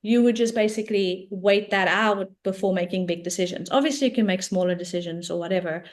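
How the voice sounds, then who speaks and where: A woman's voice: mid-range voice, fairly quick. A woman coach, a guest on an interview show, explaining ideas in a casual, talkative way, often checking in with "right?".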